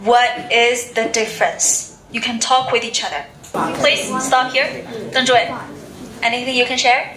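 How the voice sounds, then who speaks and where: High-voiced woman teaching English. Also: fairly even intonation, sharp tone. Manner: brisk, prompting, drills pronunciation. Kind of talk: classroom teaching, asking questions. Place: school classroom full of students. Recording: echoey classroom with pupils' chatter.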